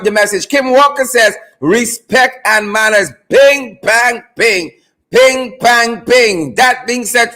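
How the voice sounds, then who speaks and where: High-pitched hyped-up man. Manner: chanting catchphrases, loud and playful, frequent laughs. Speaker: live show host. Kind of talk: hyped live stream chat.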